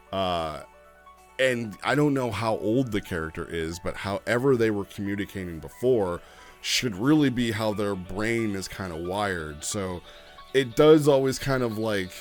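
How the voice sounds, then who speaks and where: Male host, casual off-the-cuff talk, rambling with frequent restarts, lower pitch. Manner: rambling, many fillers and restarts. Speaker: roleplay community host. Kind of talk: casual talk on roleplay writing.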